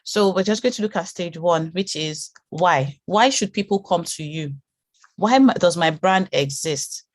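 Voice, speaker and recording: A woman with a low voice leads a branding class, firing off repeated questions and encouraging her students. The sound is dry and close, with no room around it. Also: expressive, a little slow, dry recording. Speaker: branding course instructor. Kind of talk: live online class teaching.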